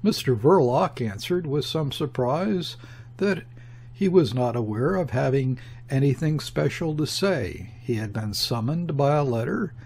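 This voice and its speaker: A male audiobook narrator reads a classic novel in scripted narration, measured and deliberate at a very slow pace. His voice is husky with a darkish tone and an ordinary middle pitch.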